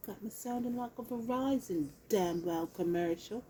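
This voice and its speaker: A woman's voice: medium pitch, normal speed, few pauses, dark tone, breathy edge, low-quality recording. A woman giving a casual tarot reading into her phone, blunt and profane, hammering points home with repetition. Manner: blunt and profane, emphatic repeats. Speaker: tarot reader.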